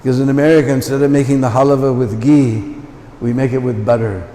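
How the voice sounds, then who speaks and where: A man's voice: medium pitch, little pitch movement, fast talker, warm tone. A man giving a temple lecture full of anecdotes, with chatty asides to the listeners. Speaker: visiting lecturer. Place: large temple hall. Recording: long temple hall reverb.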